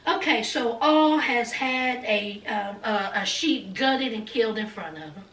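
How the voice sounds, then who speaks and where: Speaking at a measured pace, a woman with a slightly high, animated, somewhat bright voice recaps a reality TV episode for her viewers. She's sassy and dramatic, calling them honey and y'all in casual commentary. The mic sits at a distance in an echoey room.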